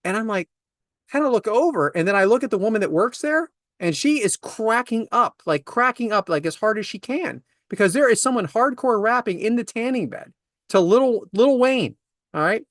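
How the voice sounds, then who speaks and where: A man's voice: sits high, lively intonation, moderate pace, a bit bright, dry recording, clean studio sound. A man in his forties, a podcast co-host, telling comedic anecdotes about everyday annoyances in an exasperated, ranting way. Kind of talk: casual comedic storytelling.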